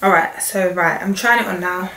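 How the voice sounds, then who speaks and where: A young woman from England speaks in a croaky, hoarse voice. She chats casually and jokes, often talking to herself between remarks. The recording sounds echoey, with faint noise underneath. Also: fairly low pitch, moderate pace, pushed and bright. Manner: chatty, joking, self-talk asides. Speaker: hair vlogger. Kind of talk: casual chat while styling a wig.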